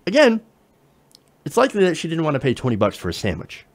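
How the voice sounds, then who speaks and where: A man talks through political commentary in a sarcastic, profane way, often stopping to laugh at what he reads. His voice sits a little high for a man and swings widely in pitch. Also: wildly swooping pitch, fast. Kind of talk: reading and mocking an op-ed, casual commentary.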